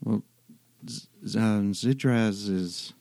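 A man narrating and running a tabletop role-playing game in a relaxed, halting way with many fillers. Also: on the low side, creaky, no room sound. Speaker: game master.

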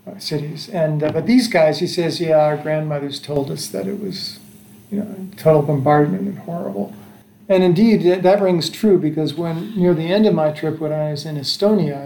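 A man's voice: on the high side, darkish tone. A man in his sixties from the United States, casually telling a family about his travels, with a rambling manner full of fillers and restarts. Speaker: father recalling travels. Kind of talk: casual storytelling chat. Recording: echoey room.

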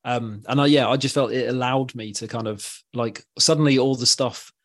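A man's voice: medium pitch, steady tone, moderate pace. A man in his thirties hosting a podcast, talking in an informal, encouraging way and reflecting back on his guest's story. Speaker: podcast host. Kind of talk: casual interview chat.

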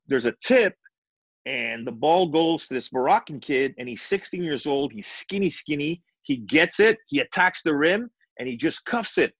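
A middle-aged retired basketball coach from Montreal, Canada, guests on a podcast interview, spinning lively stories and acting out the voices. His voice is a little high, recorded on a dry close mic with no room sound.

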